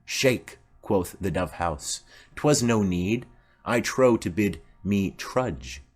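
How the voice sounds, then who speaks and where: A man's voice: lowish voice, lively intonation, takes it slowly, a little mellow, faint music behind. A man voicing a chatty, rambling old female nurse in an audiobook play reading. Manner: rambling, garrulous.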